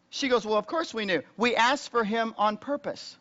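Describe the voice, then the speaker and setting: A male pastor with a notably high voice tells his congregation a sermon as a story, speaking plainly and conversationally at normal speed with hardly any pauses. When recounting tense moments he rises louder and higher, and the recording sounds dull and lo-fi.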